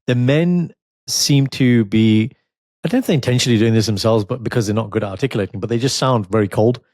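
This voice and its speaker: A man co-hosting a podcast, telling stories in an animated, casual way and laughing as he goes. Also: medium pitch, fairly quick, no room sound, studio quality. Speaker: podcast co-host. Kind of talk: casual chat.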